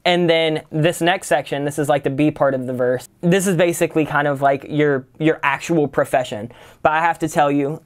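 A man's voice: a little high, fast talker. Laid-back man explaining songwriting. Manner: relaxed, loose, full of "kind of" and "like". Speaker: songwriting teacher. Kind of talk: casual tutorial explanation.

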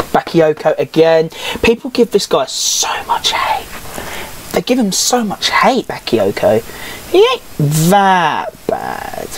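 Woman gamer, low voice with lively swings, slow sarcastic grumbling, swears a lot. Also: a little hiss or hum, rough recording. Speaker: gaming YouTuber. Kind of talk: casual game commentary.

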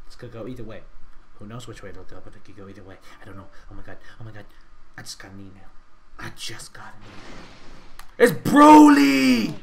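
A young man hosting a gaming channel, giving excitable live commentary on his gameplay and yelling taunts at the enemies. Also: sits low, rapid-fire, slight background noise.

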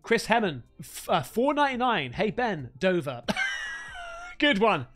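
Guy streamer, lively up-and-down delivery, excitable and sweary, faint music underneath. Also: sits high, moderate pace. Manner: excitable, sweary, calls everyone mate. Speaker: livestreamer. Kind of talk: live stream, thanking donors and unboxing gifts.

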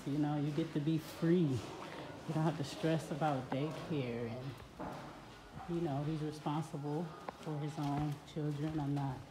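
A woman with a low, deep-set voice talks casually to her viewers, calling them y'all as she shows off her half-built house. She is outdoors on a construction site, recorded on a phone, with clear background noise around her. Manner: chatty, addresses viewers as y'all. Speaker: vlogger touring her house build. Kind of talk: casual walk-through vlog.

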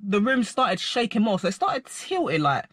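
A young man telling a rambling personal story to camera, animated and full of filler words. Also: sits high, moderate pace, no room sound. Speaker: vlogger.

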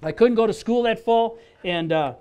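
A man from Wisconsin giving his personal testimony in an animated storytelling style, acting out dialogue and restarting his phrases often. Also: high voice, normal speed, clear, resonant tone, highs cut off. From Wisconsin, USA.

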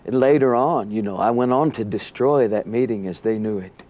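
Animated storytelling man, laughing often. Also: on the low side, moderate pace. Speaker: guest. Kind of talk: storytelling in a TV interview.

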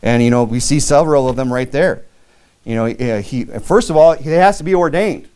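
A man's voice: mid-range voice, moderate pace, darkish tone, smooth. Man preaching a church sermon. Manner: preaching with scripture readings and frequent restarts. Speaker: pastor.

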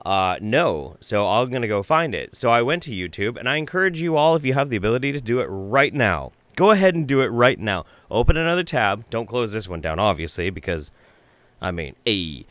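Lively sarcastic male commentator. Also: lowish voice, brisk, no echo. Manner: mocking, animated, swearing. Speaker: commentary YouTuber.

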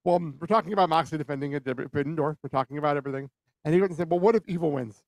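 A man co-hosting a casual podcast, ranting excitedly with lots of laughter and swearing. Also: fairly high pitch, very fast, no echo. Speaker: podcast co-host. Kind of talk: casual wrestling chat.

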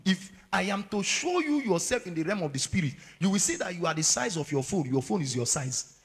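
A man with a Nigerian accent preaching a sermon as an evangelist, moving from low murmurs to shouted warnings. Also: big pitch swings, fairly quick, breathy edge. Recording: long hall reverb.

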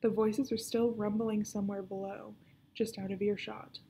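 A woman librarian reading a children's book aloud, narrating in a hushed, often whispered voice. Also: mid-range voice, level tone, normal speed, gravelly, a little hiss or hum.

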